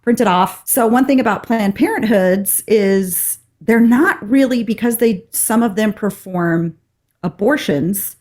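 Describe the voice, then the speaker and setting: Woman telling an animated story. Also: medium pitch, unhurried. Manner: animated, acts out the people in her story. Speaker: podcast co-host. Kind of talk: casual storytelling chat.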